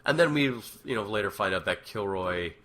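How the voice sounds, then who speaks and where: A man's voice: lowish voice, expressive, normal speed, a bit bright. A man talking casually about making his web series, rambling with many fillers and restarts. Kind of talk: casual commentary.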